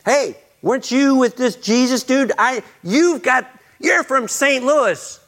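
A man putting on the voice of a mocking male bystander who loudly accuses someone in a sermon retelling. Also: extremely high pitch, slow, voice pushed up, full character voice. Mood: taunting.

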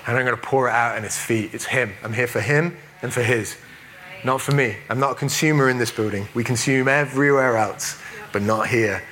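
A man from England giving a sermon as a preacher, chatty and self-deprecating, with quick asides. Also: mid-range voice, fairly bright tone, poor audio.

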